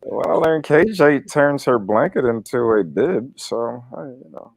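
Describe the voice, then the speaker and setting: A man speaks slowly and keeps a straight face, delivering jokes deadpan on a casual stream. His pitch still swings widely. The recording is close and dry. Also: gravelly, no echo. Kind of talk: casual live-stream chat.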